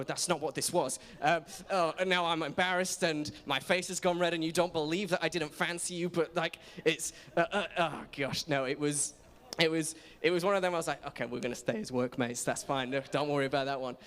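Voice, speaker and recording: A man's voice: on the high side, steady tone, brisk, fairly bright tone. Chatty young man preaching. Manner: self-deprecating, chatty, many restarts. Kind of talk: casual sermon with personal stories. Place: church auditorium. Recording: reverberant church hall.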